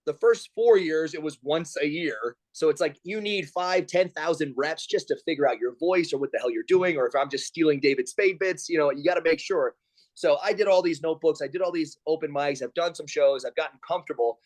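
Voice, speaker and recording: On a video call as a guest, a man in his forties with a voice on the high side talks a little fast. The pro wrestler and comedian animatedly recounts stories, acting out quotes from others in raised voices.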